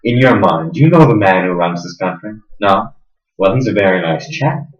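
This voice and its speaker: Smug sadistic interrogator played by a man, sneering, low voice, roomy echo, dull lo-fi sound. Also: expressive, normal speed. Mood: menacing. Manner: menacing, sneering, lurching between hushed and loud. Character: smug, sadistic middle-aged male interrogator. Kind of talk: stage drama acting.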